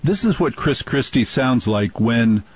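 A man's voice: medium pitch, lively intonation, measured pace, husky, low-quality recording. A middle-aged man from New Jersey hosting a spoken-word radio show, telling blunt, rambling stories with wry asides. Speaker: radio talk host.

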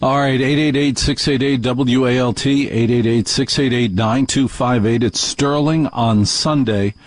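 A male radio talk show host airs his complaints with wry indignation. The recording is close and dry, with no room sound. His pitch is medium. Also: steady tone, measured pace, no room sound.

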